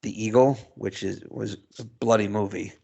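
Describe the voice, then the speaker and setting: Man, low gravelly voice, casual podcast banter, rambling with chuckles. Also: steady tone, normal speed, darkish tone. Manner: rambling, chuckles through points. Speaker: podcast co-host. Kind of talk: casual chat.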